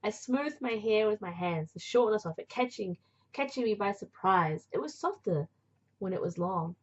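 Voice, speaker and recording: A woman reading a visual novel aloud as narrator, with chatty, playful asides and a breathy voice. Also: medium pitch, lively intonation, normal speed, highs cut off. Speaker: game narrator and player.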